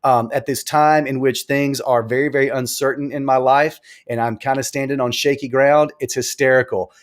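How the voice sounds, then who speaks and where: A man hosting a casual live stream from a small room at home, rambling and animated, repeating himself as he talks. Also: mid-range voice, normal speed. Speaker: live show host.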